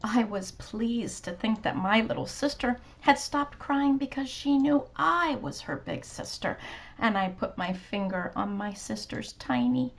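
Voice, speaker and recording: A woman reading a children's storybook aloud in a soft, gentle, sometimes whispery manner. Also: on the high side, animated, a little slow, gravelly.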